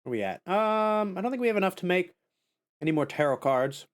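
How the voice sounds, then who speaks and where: Brief: excitable male game streamer, lively pitch that swings all over, goofy and giggly. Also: brisk. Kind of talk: casual live-stream commentary.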